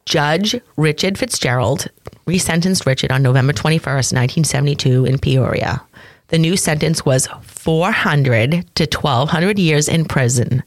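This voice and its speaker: Low-voiced woman reading a true crime case. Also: dry recording. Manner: reads case notes then jokes and comments. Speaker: podcast co-host. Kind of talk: true crime podcast narration.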